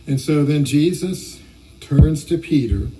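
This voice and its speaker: Male pastor, sermon delivery, warm mellow voice, distant church mic. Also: on the high side, slow. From Ohio, USA.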